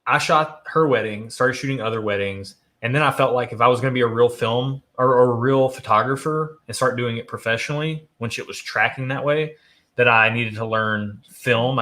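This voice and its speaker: A man's voice: mid-range voice, sharp tone. A man in his thirties co-hosting a livestream, chatting casually and rambling enthusiastically about his hobbies. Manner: rambling, enthusiastic, self-deprecating. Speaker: co-host of a whiskey channel.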